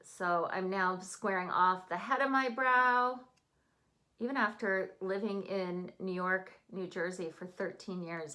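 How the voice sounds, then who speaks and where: Woman, Canadian accent, bright clear voice, chatty makeup tutorial, upbeat. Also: medium pitch, fairly even intonation, unhurried. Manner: chatty, upbeat, talks while applying makeup. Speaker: makeup artist.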